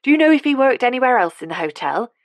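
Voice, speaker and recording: A woman's voice: a little high, very animated, quick pace, no echo, voice pushed up. A woman voicing a polite, earnest young man in an audiobook.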